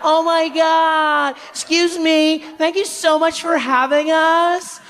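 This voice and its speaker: A man voicing a group of gushing tourists in a shrill, drawn-out squeal, recorded in an echoey hall. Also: level tone, fairly bright tone, slight background noise, exaggerated voice. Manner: high, breathless, gushing, drawn-out.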